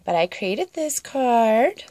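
A woman's voice: fairly high pitch, slow. Gushing woman crafter showing mail. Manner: gushing, excitable, squeals over crafts. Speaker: crafting channel host. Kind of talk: casual show-and-tell vlog.

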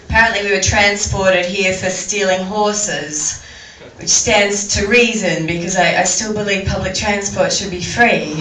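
Performing stand-up before a live audience, this Australian woman rambles and stammers, frequently starting her sentences over. She has a mid-range, bright, forceful voice. Captured from a distant mic, the audio sounds roomy and low in quality.

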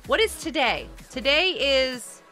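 Woman streamer chatting w viewers while gaming, high voice that swings all over, excited bursts. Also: slow, soft background music. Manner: chatty, greets viewers by name, excited outbursts. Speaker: live streamer host. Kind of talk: casual gameplay live stream chat.

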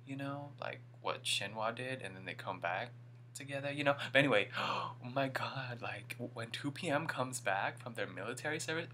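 A young man reacting excitedly to a music video, gushing and exclaiming as he goes. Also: mid-range voice, a little hiss or hum. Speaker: YouTube reaction vlogger.

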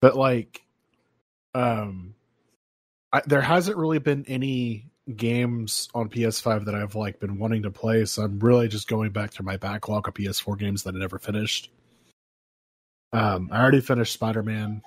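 Halting man on a casual podcast. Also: fairly low pitch, fairly even intonation, breathy edge, no echo, clean studio sound. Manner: halting, many fillers and restarts. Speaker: podcast co-host. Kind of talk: casual chat.

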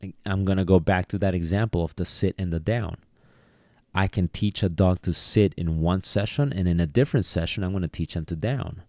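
A man's voice: deep voice, a little fast, a little mellow, dry recording, studio quality. A man teaching dog training on a podcast. He speaks casually, repeats words as he goes, and acts out bits of dialogue. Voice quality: talks in a casual, repetitive way and acts out quoted dialogue. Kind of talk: solo podcast lesson.

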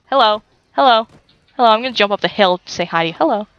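A woman's voice: mid-range voice, lively intonation, quick pace, a bit bright, dry recording, highs cut off. A young woman commentating a video game, teasing characters and laughing often. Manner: giggly, teasing, breaks into laughter. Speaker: gaming YouTuber. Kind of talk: let's play commentary.

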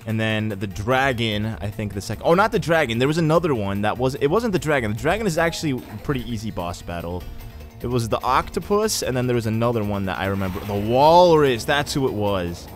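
A man's voice: mid-range voice, fairly quick. Chatty young man narrating gameplay. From Egyptian heritage. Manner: rambling, chatty, excitable bursts. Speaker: let's play host. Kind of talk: casual gameplay commentary. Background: faint game music.

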